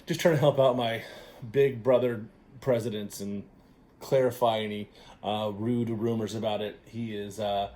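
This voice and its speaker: An upbeat man hosting a relaxed trivia show, talking straight to his viewers. He keeps cheering them on, and his speech is loose and chatty, full of filler sounds and quick restarts. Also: lowish voice. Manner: upbeat and encouraging, with many fillers and self-corrections. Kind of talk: casual chatty trivia quiz to camera.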